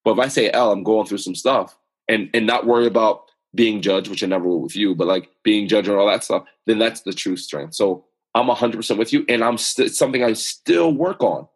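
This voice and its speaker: A man's voice: lowish voice, fairly quick, breathy edge. A man speaking as an interview guest, talking in an earnest, emphatic, motivational way as he tells personal stories. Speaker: guest, author and speaker on self-awareness. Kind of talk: podcast interview conversation.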